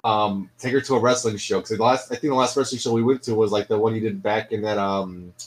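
A man's voice: on the low side, fairly even intonation, quick pace, poor audio. A man co-hosting a podcast, talking in a laid-back way full of fillers and swearing. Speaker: podcast co-host. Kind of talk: casual chat.

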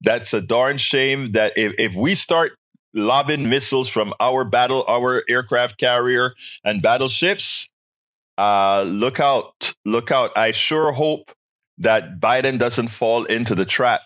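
Here a male podcast host takes viewer chat messages, reads them out, and responds with strong, opinionated takes, like casual live call-in commentary. The medium-pitched voice is bright and forceful at a measured pace, recorded dry with the highs cut off.

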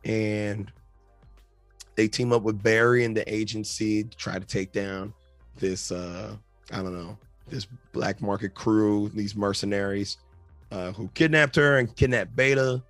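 A man's voice: fairly low pitch, steady tone, unhurried, fairly bright tone, no room sound, faint music behind. A man hosting a podcast, giving a casual movie review, rambling and enthusiastic with lots of fillers. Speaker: podcast host.

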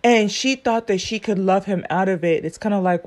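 Woman reacting to a court clip, earnest, rambling, mid-pitched. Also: normal speed, darkish tone. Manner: earnest, rambling, thinks aloud with many fillers. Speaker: commentator reacting to a court video. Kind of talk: casual commentary.

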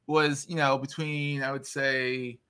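A man hosting a casual interview with a bright, forceful voice. He chats easily and cuts in with quick affirmations and jokes. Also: mid-range voice, flat delivery, clean tone. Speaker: podcast host.

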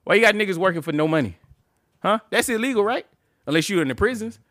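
A man co-hosting a casual podcast, ranting in a profane, animated way and laughing often. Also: sits high, fast talker, no echo, clean studio sound. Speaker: podcast co-host.

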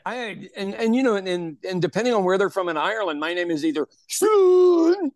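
A man's voice: high-pitched, fast talker, dry recording. Rambling podcast co-host, man. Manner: rambling, repeats words, laughs often. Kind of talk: casual chat.

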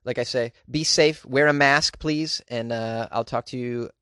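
A male comedian chatting into a close mic at a middle pitch. He rambles loosely, with ums and offhand asides, and the sound is very dry. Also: a little slow, bright, forceful tone, clear, resonant tone, no echo. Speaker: podcast host and comedian. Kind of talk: casual chat, reading out listener reviews.

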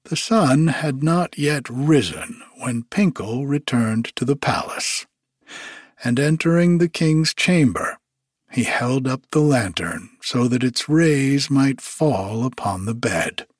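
A man reading a fairy tale aloud as narrator in a slow, measured storybook style. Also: medium pitch, lively intonation, no echo, studio quality.

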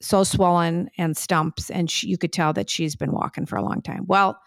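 A chatty woman co-hosting a family podcast, her mid-pitched voice carrying a gravelly edge. She tells stories with animated asides. The sound is dry and close. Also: moderate pace, no echo. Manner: chatty storyteller, animated retelling. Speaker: podcast co-host, mother. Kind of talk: casual family podcast chat. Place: New York City.

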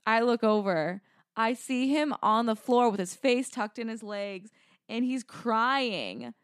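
A young woman with a high, smooth, clear voice chats casually on her podcast. She tells stories loosely and fills them with "like". The sound is close and dry. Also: takes it slowly, no room sound. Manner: chatty, storytelling, lots of "like". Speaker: podcast co-host. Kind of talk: casual chat.

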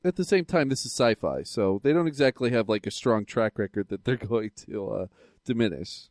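A man's voice: lowish voice, animated, a little fast, a little mellow, dry recording, studio quality. A man co-hosting a podcast in casual chat, rambling and joking with many fillers. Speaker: podcast co-host.

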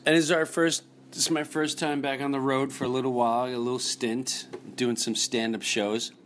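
A man's voice: medium pitch, level tone, normal speed, fairly bright tone. Rambling, jokey middle-aged man. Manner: rambling, jokey storytelling with many restarts. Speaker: podcast host. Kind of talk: casual chat. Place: hotel room. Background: construction noise.

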